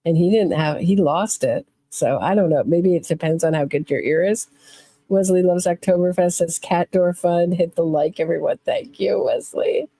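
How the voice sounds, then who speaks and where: A woman hosting a true crime podcast live stream, chatting casually, thinking out loud and reading comments from the chat. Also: on the low side, normal speed, dry recording.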